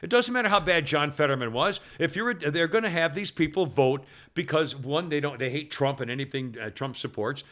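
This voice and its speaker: A man's voice: fairly high pitch, fairly quick, few pauses, bright, forceful tone. A rambling talk radio host, a man with a slightly raised voice. He drifts between sponsor plugs and sarcastic political gripes, leaning into mocking mimicry. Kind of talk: casual talk radio chat.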